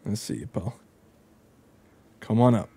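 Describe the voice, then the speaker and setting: A man giving excitable gameplay commentary, joking and exclaiming as he plays. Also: on the low side, unhurried, creaky, background noise. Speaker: gaming YouTuber.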